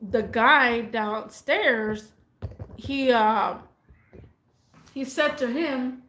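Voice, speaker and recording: A woman vlogger telling a neighbor story in a rambling, animated, slangy way. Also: on the high side, drawn-out words, roomy sound. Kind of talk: casual storytelling.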